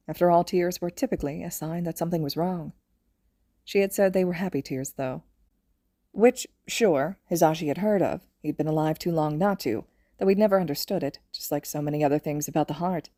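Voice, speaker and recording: A woman reads fan fiction aloud in a gentle, even storytelling voice. Her voice is low and mellow. The recording is close and dry. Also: fairly quick, no echo. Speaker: podfic reader.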